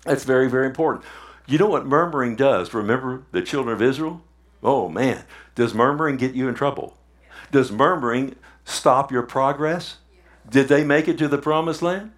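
A male pastor preaches in a mid-range voice, neither high nor low. He talks to his listeners directly, tossing them questions and repeating words to drive his points home. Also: moderate pace. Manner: conversational, asks the audience questions, repeats for emphasis. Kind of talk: sermon.

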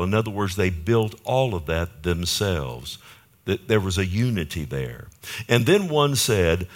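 Low-voiced male pastor preaching. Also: lively intonation, moderate pace. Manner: conversational preaching with rhetorical questions. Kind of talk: sermon. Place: church.

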